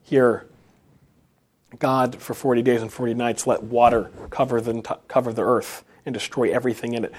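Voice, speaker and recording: Man, sermon, halting delivery, frequent restarts, mid-pitched voice. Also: steady tone, darkish tone. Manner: halting, with many restarts and rising emphasis. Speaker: preacher. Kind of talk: unscripted sermon.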